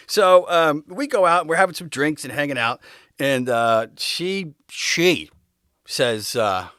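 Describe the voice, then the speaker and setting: A man's voice: fairly high pitch, lively intonation, slow, fairly bright tone, clear, resonant tone, no echo, clean studio sound. A man hosting a podcast, telling a rambling, candid personal story in a casual way and laughing often as he goes. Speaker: podcast host.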